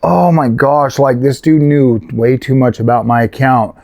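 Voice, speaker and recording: A man's voice: medium pitch, fairly even intonation, unhurried, creaky, a little mellow. A man telling a frustrated, rambling story in a casual vlog, full of fillers and restarts. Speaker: gaming and tech YouTuber.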